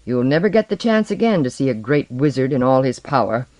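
Voicing an arrogant, boastful sorcerer sea lord in an audiobook reading, a man sounds taunting, proud and commanding. His mid-range, darkish voice swings widely in pitch and moves fairly quickly. It sounds natural, with no room sound.

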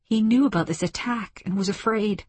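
A woman narrator voicing a tense, determined young woman's thoughts in a higher, urgent voice. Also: normal speed, a little mellow, husky, dry recording, lightly acted. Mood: weary.

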